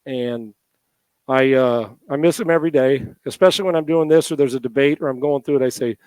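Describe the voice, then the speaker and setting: Speaking a little fast in a medium-pitched, darkish, clear and resonant voice, a middle-aged interview guest shares heartfelt, emotional words with many restarts, nearly in tears. He is a former NFL quarterback and radio host, and the recording has no room sound.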